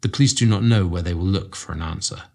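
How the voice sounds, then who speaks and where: A man reading a classic mystery story aloud as a narrator, in a measured, dramatic way with slow pauses. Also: low-pitched, vocal fry, darkish tone. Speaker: audiobook reader.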